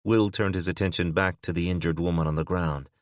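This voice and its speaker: A man narrating an audiobook in a steady, even manner. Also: low voice, brisk, dry recording, studio quality. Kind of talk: scripted narration.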